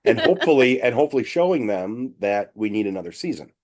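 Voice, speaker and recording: A man's voice: mid-range voice, big pitch swings, fast, a little mellow. A man hosting a podcast, chatting casually with fan enthusiasm and often repeating words as he restarts. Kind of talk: casual conversation.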